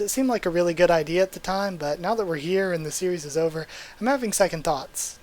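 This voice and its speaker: A young man hosting a live reaction video, reading text aloud and breaking in with excited exclamations. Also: high voice. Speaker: YouTube reaction host.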